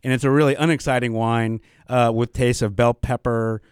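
A man's voice: medium pitch, fairly even intonation, moderate pace, clear, resonant tone, no room sound. Chatty man with dry close sound. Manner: chatty, laughs easily, informative. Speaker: wine auction director, co-host. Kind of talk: casual radio chat.

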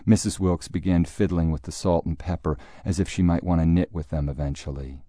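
A man's voice: deep voice, fairly even intonation, brisk, hardly any pauses, warm tone, dry recording. A man narrating a story in a dry, wry manner. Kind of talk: audiobook narration.

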